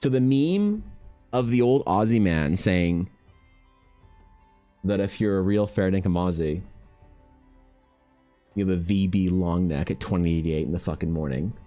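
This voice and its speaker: A deep, warm-toned man chats with viewers as he draws on stream, swearing freely, reacting to comments and running himself down. He is unhurried and pauses often, with faint music behind.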